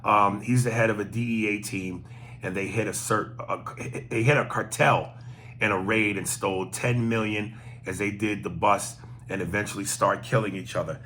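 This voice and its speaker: A man hosting a casual podcast, reading listener emails aloud and cracking profane jokes between them. His voice sits low but carries a bright, forceful edge, with a faint noise behind. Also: steady tone, moderate pace. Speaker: podcast host.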